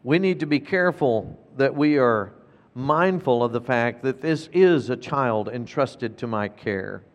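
A man's voice: medium pitch, expressive, measured pace, in a large hall. A man preaching a sermon as pastor, emphatic and repeating key phrases for weight.

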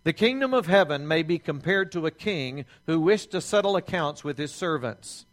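A man preaching a sermon as pastor, slowing down to stress key phrases and reading scripture aloud. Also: a little high, lively intonation. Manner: reads scripture aloud with pleading quoted voices.

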